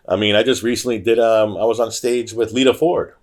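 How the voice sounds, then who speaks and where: A podcast guest with a lowish voice tells stories casually and fairly quickly. He's animated, putting on the voices of the people he quotes.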